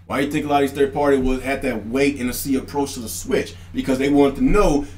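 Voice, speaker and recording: A young man hosting a gaming channel, ranting heatedly with swearing and bursts of shouting. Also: medium pitch, fast talker. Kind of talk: ranting commentary.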